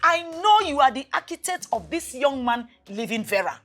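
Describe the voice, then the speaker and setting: A woman with a Nigerian accent playing a stern, preachy mother who scolds and shouts at her daughter in a film drama. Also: high-pitched, big pitch swings, normal speed, faint music behind. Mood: shouting.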